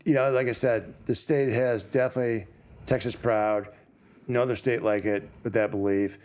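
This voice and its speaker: A man's voice: medium pitch, fairly even intonation, normal speed, a little mellow. A man from Detroit hosting a casual interview, bantering with his guest in an easygoing, joking way. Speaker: podcast host.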